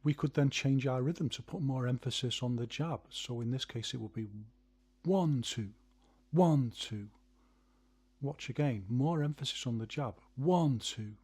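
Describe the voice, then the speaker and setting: A man with a slightly husky, breathy voice talks through martial arts technique in a steady explanatory manner. His pitch sits in an ordinary middle range, and he counts out rhythms as he demonstrates. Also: moderate pace, few pauses. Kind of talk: instructional video narration.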